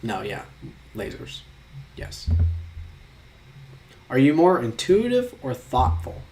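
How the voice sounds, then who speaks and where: A man's voice: mid-range voice, huge pitch swings, takes it slowly, darkish tone, a little hiss or hum. Young man, twenties, casual vlogger, quiz talk-through, mid-range voice, mock-exasperated. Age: 20s. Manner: talks through quiz answers aloud, musing and joking. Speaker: vlogger taking online quizzes. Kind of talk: casual commentary.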